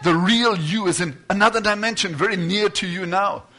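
A man's voice: high voice, normal speed, pushed and bright. A man preaching a fervent sermon, retelling stories and acting out the quotes.

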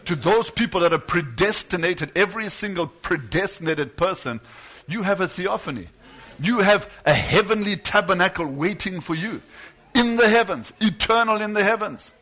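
A man's voice: high voice, animated, normal speed, bright, forceful tone. A man preaching a fervent sermon, retelling stories and acting out the quotes.

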